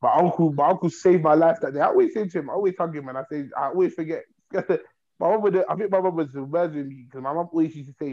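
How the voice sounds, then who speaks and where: A young man telling a long story in a rambling, animated way, repeating himself. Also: fairly high pitch, fast, muffled recording. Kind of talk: casual storytelling.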